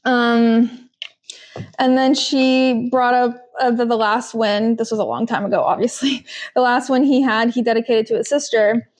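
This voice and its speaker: A woman hosting a podcast, chatting casually and retelling funny moments with quick quoted voices. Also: on the high side. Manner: animated storytelling with quick quoted voices and laughs. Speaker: podcast host. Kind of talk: casual recap chat. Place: home kitchen.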